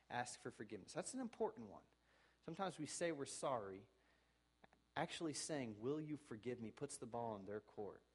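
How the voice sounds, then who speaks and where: A medium-pitched male pastor preaches, pressing his congregation earnestly. His delivery rises and falls from soft to loud, and he voices sample apologies in a casual, conversational way.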